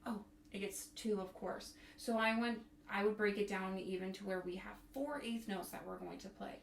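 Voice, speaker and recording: A woman teaching bassoon in a music tutorial, counting and singing out rhythms as she explains. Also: normal speed, vocal fry. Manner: counts and sings rhythms aloud. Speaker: bassoon instructor. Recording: echoey room, faint noise.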